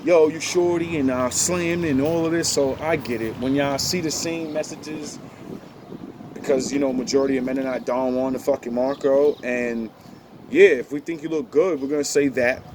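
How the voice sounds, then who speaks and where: A man's voice: mid-range voice, steady tone, normal speed, background noise. A man ranting casually to the camera outdoors, rambling, profane and confrontational.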